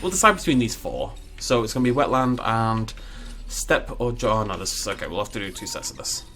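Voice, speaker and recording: A man's voice: fairly low pitch, animated, fairly quick, sharp tone. A man giving casual, self-mocking commentary while building a park in a game, chatty with jokey asides. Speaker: gaming YouTuber.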